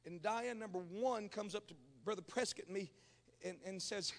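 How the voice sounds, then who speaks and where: A man's voice: sits high, moderate pace, gravelly, in a large hall. A man preaching a Pentecostal revival sermon, telling stories and calling on the congregation to respond. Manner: storytelling preacher, calls on the congregation.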